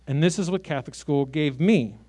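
Man, late thirties, high-pitched, brash and sarcastic, stand-up set, swinging loud and quiet. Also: a little fast. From Chicago, USA. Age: 30s. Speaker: stand-up comedian.

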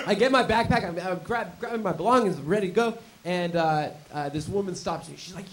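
High-voiced man doing rambling stand-up. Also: expressive, moderate pace, noisy background. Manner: rambling storytelling, bursts into shouted mock slogans. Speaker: stand-up comedian. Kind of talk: stand-up set.

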